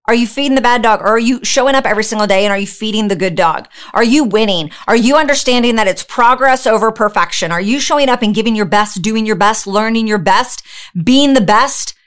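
Woman podcast host, fairly high voice, fired-up motivational monologue with a preacher's edge. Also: smooth. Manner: energetic, preachy, talks straight to the listener with rhetorical questions.

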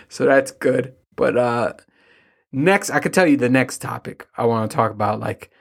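A man's voice: medium pitch, unhurried, creaky, long pauses, breathy edge. A young adult man telling rambling, profane stories in a casual monologue to his listeners, with exasperated asides. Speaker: solo podcast host.

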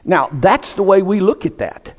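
A man, preaching a sermon as pastor in an emphatic style that climbs to near-shouts. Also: high voice, lively intonation, normal speed. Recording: echoey hall.

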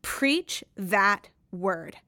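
A woman's voice: medium pitch, expressive, very slow, sharp tone, no echo, clean studio sound. A woman hosting a podcast, reading a Bible passage and teaching on it in an earnest, conversational way with emphatic stresses. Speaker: podcast host.

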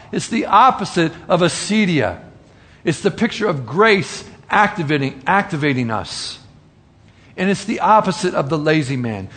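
A man preaching a sermon, earnest and full of rhetorical questions, slowing down for emphasis. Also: a little high, fairly bright tone.

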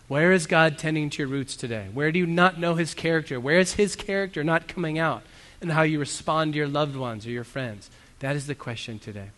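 This man preaches a little fast in a fairly high, slightly bright voice. His sermon is heartfelt and casual in tone, dotted with self-mocking asides, and the church hall recording carries a long reverb.

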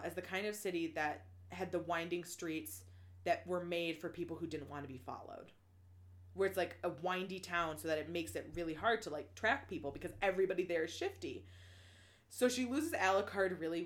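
A woman recapping a novel in casual chat, animated and laughing often, swearing freely and full of restarts. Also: on the low side.

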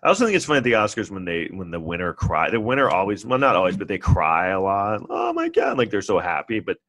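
Low-voiced rambling New York man. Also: expressive, fast, fairly bright tone, no echo. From New York City. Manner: rambling, self-deprecating, acts out others in mocking high voices. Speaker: podcast host. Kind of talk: casual solo monologue.

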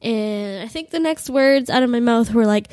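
A woman's voice: a little high, moderate pace, a little mellow, no echo. A young woman in her twenties with a cold, crudely and self-mockingly telling a comic travel story with lots of "like.". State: has a cold. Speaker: podcast host.

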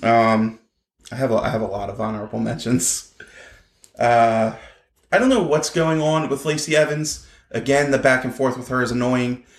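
An animated man co-hosting a casual podcast, his voice sitting at a middle pitch. He talks in a lively way and jumps into quoted lines with raised voices, and the room around him rings a little. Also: moderate pace, echoey room. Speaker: podcast co-host.

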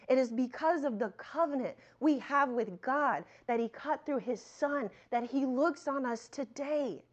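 A woman with a slightly high voice teaches a Bible lesson in a chatty, down-to-earth way. She reads scripture aloud, then breaks into lively asides. The sound is muffled and lo-fi. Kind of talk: teaching sermon.

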